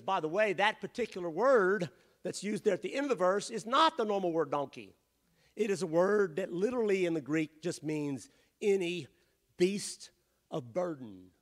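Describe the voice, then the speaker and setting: A man preaching a sermon as pastor in a church, rising to shouted emphasis and dropping to quiet asides. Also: sits high, animated, moderate pace. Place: church sanctuary.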